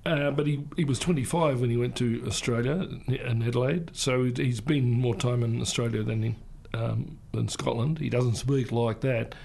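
Man, New Zealand accent, radio host; gravelly, meandering, lots of "um"s. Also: mid-range voice, steady tone, moderate pace, hardly any pauses, a little mellow. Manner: rambling, full of ums. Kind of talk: casual radio chat.

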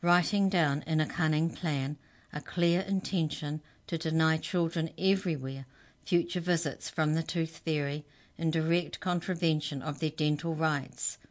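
A woman reads a children's story aloud as the storyteller, in a lively, expressive way. Her voice sits low. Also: measured pace.

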